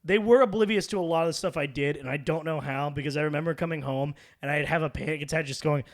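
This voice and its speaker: A man's voice: a little high, fast, few pauses. A young man hosting a casual podcast, telling rambling stories and laughing as he goes. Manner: rambling, laughing, acts out quoted voices. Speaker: podcast host. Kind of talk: casual chat, storytelling.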